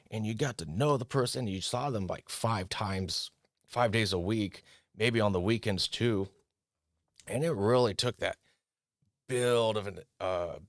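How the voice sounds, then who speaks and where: A man with a fairly low voice hosts a casual talk show, reading an article and commenting on it. He slips into mocking impressions of other people. The recording is dry and close. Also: a bit bright, dry recording. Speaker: podcast host.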